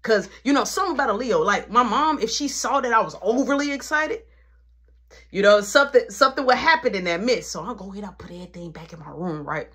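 A man telling a story from his life in a casual vlog, animated and full of slang, acting out every voice himself. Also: sits high, quick pace, husky.

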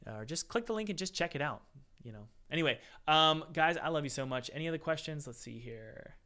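A man's voice: fairly high pitch, animated, brisk, pushed and bright. A man hosting a live-stream Q&A, chatty and upbeat, calling his viewers guys. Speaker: game dev course host answering live chat.

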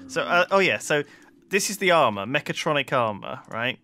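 A man's voice: a little high, big pitch swings, moderate pace, sharp tone. A man hosting a casual let's play, chatty and teasing as he talks through crafting steps. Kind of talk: casual gameplay commentary.

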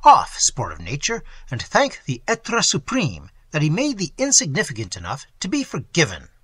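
A man voicing a burly revolutionary Jacobin, a loud and mocking bully. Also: a little high, huge pitch swings, moderate pace, husky, dry recording, exaggerated voice. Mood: scornful.

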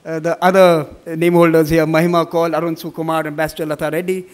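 A middle-aged man giving formal welcome remarks at a conference, measured, with many fillers when he speaks off the cuff. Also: fairly high pitch, little pitch movement. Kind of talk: formal welcome speech, partly read, partly ad-libbed.

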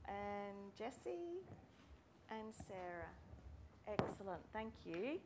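Brisk woman lecturer. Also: on the high side, background noise. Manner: friendly, brisk, calling out names. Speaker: speech pathology lecturer. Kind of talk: welcome session talk to students. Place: university room with students.

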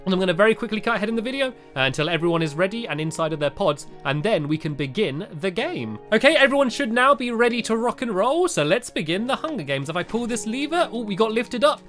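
A young man chatting casually as he plays a video game, giggling often and filling pauses with "uh". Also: high voice, expressive, fairly bright tone, soft background music. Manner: chatty, giggly, with many "uh" fillers. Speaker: gaming YouTuber.

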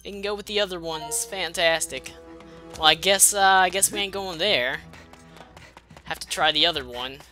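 A woman's voice: on the low side, moderate pace, bright, forceful tone, soft background music. A woman giving casual, profane gameplay commentary, muttering and sarcastic as she plays. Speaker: let's play host.

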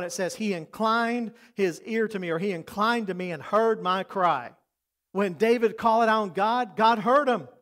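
Мужчина средних лет, пастор, читает проповедь искренне, временами переходит на тихий, доверительный тон. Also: male voice, high voice. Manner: earnest, preacherly, drops to soft intimate tones for emphasis. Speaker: pastor. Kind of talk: sermon.

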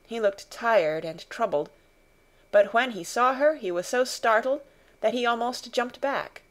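A woman narrating a classic novel as an audiobook reader, in calm, even storytelling. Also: a little high, unhurried.

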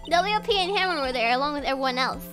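A woman's voice: high-pitched, animated, quick pace, music in the background. A woman reading the lines of a polite, nervous young studio assistant in a game.

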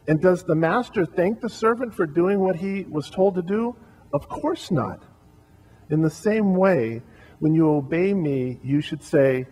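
A male pastor delivers a memorial eulogy in a heartfelt, halting way, often restarting his sentences. His voice sits on the higher side for a man. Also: animated, dark tone, poor audio.

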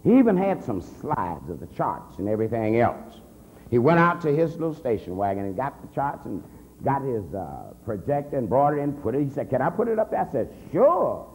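A man, an assistant pastor, telling his conversion story as a convention sermon, swinging from a low murmur to heated near-shouts. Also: sing-song, brisk. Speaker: minister giving testimony. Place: large convention hall. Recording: reverberant hall with faint hum.

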